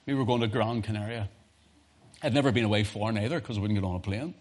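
Northern Irish pastor telling a story. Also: male voice, fairly low pitch, fast. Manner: animated storytelling with humorous asides and chuckles. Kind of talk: sermon.

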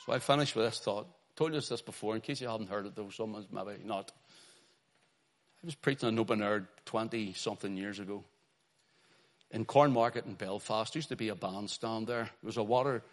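A middle-aged man preaching a sermon, swinging from quiet storytelling to loud urgent calls. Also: on the low side.

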